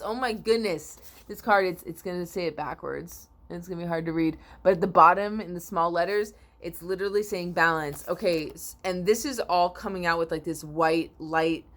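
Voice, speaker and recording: This woman's voice sits on the low side and sounds a bit bright. Drowsy and yawning, she delivers a spiritual oracle card reading to viewers, wandering through repeats and restarts while often clearing her throat.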